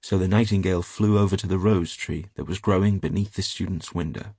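A man narrating a fairy tale at a measured, gentle pace. His voice is very low and husky, recorded close and dry with no room sound. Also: steady tone, dry recording. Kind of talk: storybook reading.

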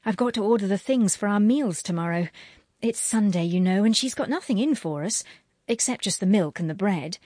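A woman's voice: mid-range voice, lively intonation, a little fast, darkish tone, no echo, studio quality, close to an everyday voice. A woman voicing a busy young mother who soothes and fusses over her children in a storybook reading. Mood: brisk. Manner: soothing, fussing.

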